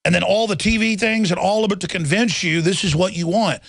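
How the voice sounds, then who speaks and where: A man's voice: high voice, a little fast, a bit bright, dry recording. A man hosting a radio talk show in a studio, delivering a rambling, combative monologue and mocking his critics in put-on voices. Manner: combative, mocking, swerves into sneering impressions of critics.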